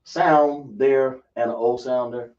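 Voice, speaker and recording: A man's voice: medium pitch, fairly even intonation, takes it slowly, a little mellow. A man teaching a religious class, emphatic and quizzing his listeners with rhetorical questions. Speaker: religious instructor. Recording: dull, distant lo-fi recording.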